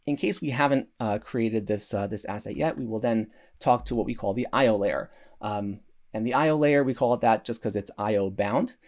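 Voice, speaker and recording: A man's voice: fairly low pitch, moderate pace, a little mellow. A man giving a recorded conference talk, earnest, with many restarts and fillers. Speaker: conference speaker.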